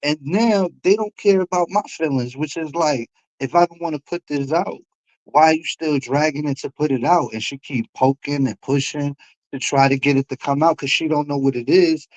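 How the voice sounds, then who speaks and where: The lo-fi recording captures a young man with a New York accent, a livestream host, heatedly ranting with profanity about feeling disrespected. He speaks at a moderate pace in a fairly high voice.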